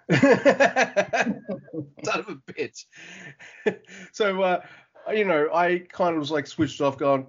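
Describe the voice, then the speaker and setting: A man's voice: fairly high pitch, lively intonation, unhurried. A man chatting casually on a podcast, wandering through his thoughts with plenty of swearing and restarts. The audio is a little dull and lo-fi. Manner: rambling, profane, frequent restarts. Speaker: podcast co-host.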